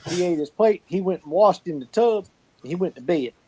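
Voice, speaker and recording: A man spins folksy, profane stories from his childhood. His voice sits high for a man, yet the tone stays dark and mellow. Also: expressive, normal speed, slight background noise, low-quality recording. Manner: colorful folksy storyteller, salty language. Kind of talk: casual storytelling chat.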